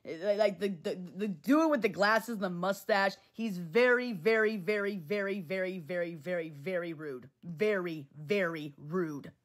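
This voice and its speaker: Speaking in a lowish voice at a measured pace with few pauses, this livestream host addresses her chat from her phone. Her manner is heated and blunt; she swears freely and says things more than once in this casual chat.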